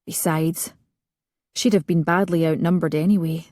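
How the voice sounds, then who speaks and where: Low-voiced woman narrating an audiobook. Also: steady tone, moderate pace, warm tone, no echo, clean studio sound.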